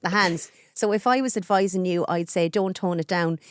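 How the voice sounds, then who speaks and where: A woman's voice: lowish voice, clear, resonant tone. A woman in her forties with a Carlow Irish accent, chatting as a guest on a podcast. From Ireland. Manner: chatty, talks fast with her hands. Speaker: guest, journalist and radio presenter. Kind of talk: casual podcast interview.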